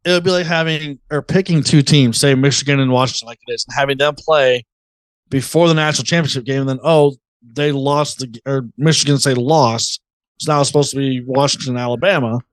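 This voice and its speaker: A man co-hosting a sports podcast in casual chat, relaxed and fond of sports analogies. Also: mid-range voice, a little fast, no echo. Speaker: podcast co-host.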